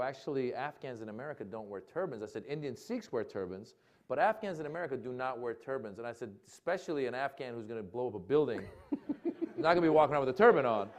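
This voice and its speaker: A man tells a comic story to a live audience at a mid-level pitch. He acts out the voices of the people in his tale. He breaks into laughter often. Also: lively intonation, fast, slight background noise. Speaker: comedian guest. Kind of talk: storytelling on stage.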